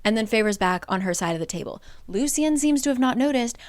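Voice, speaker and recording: A woman's voice: fairly high pitch, lively intonation, fairly quick, dry recording. A young woman casually retelling a book plot, chatty and full of fillers. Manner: chatty, lots of fillers like "like" and "basically". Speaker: book summarizer.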